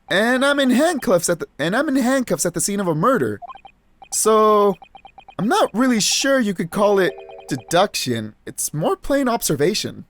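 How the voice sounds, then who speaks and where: Player voicing a young earnest student, exasperated, emphatic, raised pitch, lively. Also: slight background noise. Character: earnest young Japanese male law student. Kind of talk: let's play voice acting.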